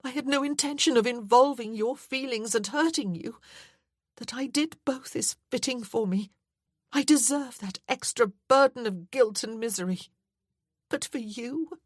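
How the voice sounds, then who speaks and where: A woman's voice: fairly high pitch, no room sound, studio quality, pitched above the performer's own voice. A woman voicing a guilt-ridden young widow, speaking with raised, breathless anguish. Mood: remorseful.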